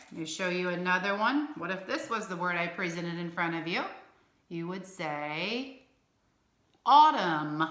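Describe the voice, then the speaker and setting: A woman teaching a recorded phonics lesson to young children, slowly sounding out each word in an encouraging teacher's tone. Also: fairly low pitch, pushed and bright. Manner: slow, clearly sounded-out words with an encouraging teacher's tone. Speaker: elementary school teacher. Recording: echoey room.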